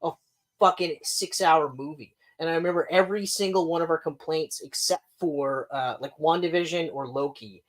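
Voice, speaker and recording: A man co-hosting a podcast in casual chat, animated and profane, laughing often. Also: a little high, fairly quick, hardly any pauses. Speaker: podcast co-host.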